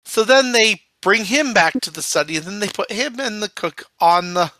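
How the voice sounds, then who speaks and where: Bright, lively podcast storyteller. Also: medium pitch, moderate pace, no room sound, rough recording. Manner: lively storyteller, acts out quotes. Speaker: podcast co-host. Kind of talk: casual movie recap chat.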